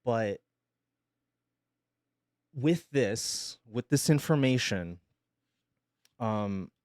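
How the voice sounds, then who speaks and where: A male streamer, sick with pneumonia, making an emotional announcement in a halting, hesitant way and holding back tears. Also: mid-range voice, lively intonation, darkish tone, dry recording, clean studio sound.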